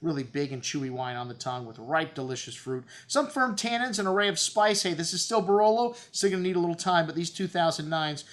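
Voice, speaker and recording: A man's voice: on the high side, quick pace, few pauses, fairly bright tone. A man hosting a casual wine review in a store's back room, listing tasting notes with enthusiasm and frequent fillers. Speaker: wine shop host.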